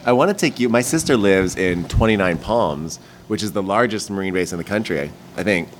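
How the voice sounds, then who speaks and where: A man's voice: fairly low pitch, lively intonation, brisk, slight background noise. A man, a guest comedian, chatting on a podcast and telling rambling stories with many restarts. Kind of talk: casual podcast chat.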